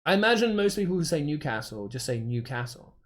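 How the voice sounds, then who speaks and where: Chatty English man, a bit high-pitched. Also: sing-song, quick pace, fairly bright tone. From England, Dorset. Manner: rambling, chatty, self-interrupting with many fillers. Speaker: game streamer. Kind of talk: casual chat while streaming a game.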